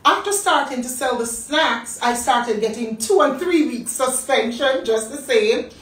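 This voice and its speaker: Animated Jamaican woman storyteller, higher voice. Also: a little slow. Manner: animated storyteller acting out quotes. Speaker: business talk host. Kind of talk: personal storytelling. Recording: roomy, distant mic.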